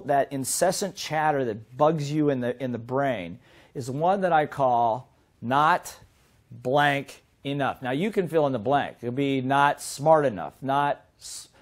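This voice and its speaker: A middle-aged man teaching a seminar as a business trainer, in a lively way that keeps asking the audience questions. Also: medium pitch. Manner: lively, asks the audience many rhetorical questions.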